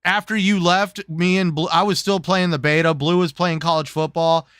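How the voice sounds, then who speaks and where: A man hosts a casual gaming talk show in a smooth, resonant voice that sits a little high for a man. He jokes a lot and keeps the talk lively, slipping into silly voices now and then. The sound is dry and close. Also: normal speed, dry recording. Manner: lively, joking, slips into silly put-on voices. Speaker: host.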